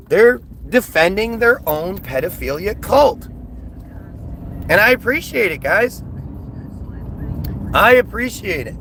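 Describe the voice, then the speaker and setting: A man with a high, bright, sharp-edged voice delivers an agitated, scornful live-stream rant, circling back and repeating himself as he answers viewers. Faint outdoor traffic hums underneath. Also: low-quality recording. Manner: agitated, scornful, repetitive ranting. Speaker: livestreamer reacting to chat.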